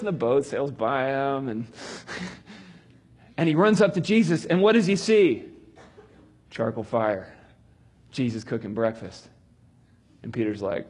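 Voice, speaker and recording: A man's voice: a little high, expressive, unhurried, husky. A middle-aged man teaching about reading Scripture in a conversational way, acting out the people he quotes. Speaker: Bible teacher.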